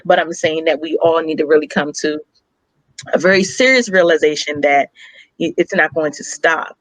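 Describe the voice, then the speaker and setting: A woman's voice: low voice, moderate pace, no echo, low-quality recording. A young woman co-hosting a talk show, telling a personal story in a blunt, heartfelt and emphatic way, with some swearing. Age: young adult. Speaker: radio show co-host.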